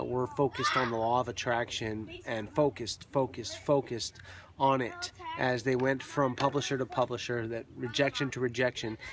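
A man's voice: medium pitch, a bit bright. A man giving casual, upbeat motivational vlog talk as a network marketing coach, loose and chatty with fillers, outdoors on a beach. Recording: outdoor beach crowd noise behind.

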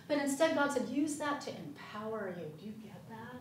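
A woman giving an animated testimony and teaching in a Sunday school class, speaking emphatically in a church room. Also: a little high, a little fast, slight background noise. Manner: animated, emphatic storytelling with laughs. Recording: echoey room, far from the mic.

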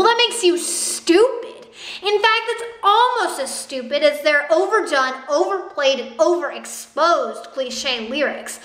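A woman's voice: sits high, bright, forceful tone. A young woman ranting sarcastically and indignantly in a vlog. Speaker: vlogger. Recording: echoey room.

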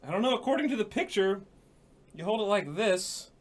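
Woman, playful co-player: lively pitch, giggles, mock drama. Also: fairly quick. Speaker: co-host playing along. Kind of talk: casual gameplay chat.

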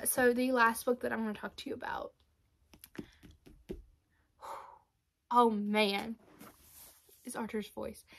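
A young woman with a slightly high voice chats to camera about books she loves. She gushes, gets emotional and talks with quick, animated energy. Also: vocal fry, a little hiss or hum. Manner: gushing, emotional, fast and animated. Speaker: book vlogger. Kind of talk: casual book recommendations to camera.

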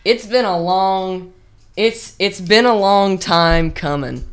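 A woman hosting a drumming livestream, chatting with her viewers in an unhurried, drawn-out way. Her voice sits at an ordinary middle pitch, and she rambles through restarts and fillers before bursting into sudden loud, excited shouts. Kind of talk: casual livestream chat.

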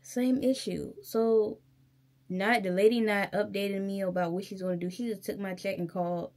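A woman's voice: mid-range voice, steady tone, normal speed, darkish tone. Heated young woman vlogger ranting. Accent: Virginia. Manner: heated, emphatic, addresses viewers directly as y'all. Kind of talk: casual storytime rant to camera.

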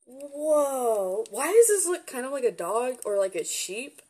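High-voiced gushing woman unboxing gifts. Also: a little slow, slight background noise. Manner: gushing, excitable, gasps and giggles. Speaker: vlogger opening gifts. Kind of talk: unboxing vlog.

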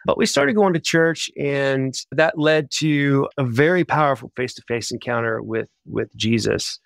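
A man, a missionary guest on a podcast, telling his story in a casual, animated way. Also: medium pitch, gravelly, dry recording. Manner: animated, chatty, quick bursts.

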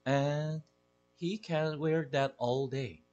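A man's voice: on the high side, steady tone, takes it slowly, a little mellow, muffled recording. A man with a Korean accent voicing a doting mother who coos at the family cat in a sing-song way. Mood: gentle. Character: fussy doting mother of the household.

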